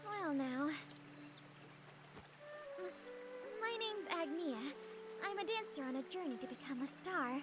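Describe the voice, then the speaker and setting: Agnea, a bright Southern dancer. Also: female voice, high voice, expressive, measured pace, long pauses. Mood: earnest. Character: cheerful young woman village dancer. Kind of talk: video game voice acting. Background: game music.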